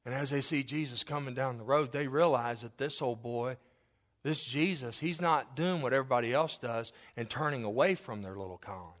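A man preacher delivering a sermon in folksy, animated storytelling, stumbling over restarts and asking listeners directly whether they follow him. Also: mid-range voice, brisk. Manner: talks directly to listeners with questions.

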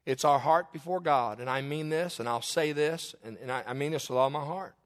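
Speaking briskly, the pastor delivers his sermon from the sanctuary in a bright, high-pitched voice. He keeps things homespun, tossing in jokes along the way and getting worked up during his stories.

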